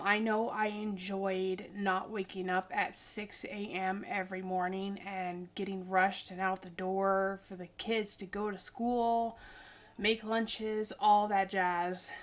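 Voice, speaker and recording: A woman in her forties talks casually to her viewers, rambling and goofy. She sounds tired. Her voice sits at an ordinary middle pitch. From Idaho, US. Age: 40s. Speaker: vlogger. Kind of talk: casual chat.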